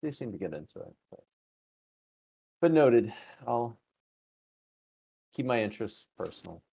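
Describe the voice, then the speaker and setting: Male player in character, lively pitch, dark tone, polite formal delivery. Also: measured pace, creaky, breathy edge. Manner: polite, formal, with hesitant fillers. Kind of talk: in-character tabletop play.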